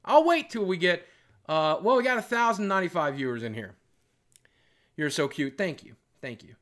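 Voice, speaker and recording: A middle-aged man chatting and joking with his viewers on a live stream, teasing them and swinging between loud and quiet. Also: sits high, very animated, normal speed. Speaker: livestreamer. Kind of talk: casual live-stream chat.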